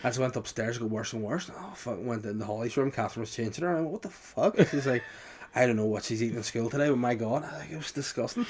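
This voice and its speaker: A man's voice: medium pitch, very fast, a little mellow, a little hiss or hum. Guy, thirties, podcast cohost, swears a lot, acts out the quotes when he tells a story. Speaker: podcast co-host. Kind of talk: casual chat.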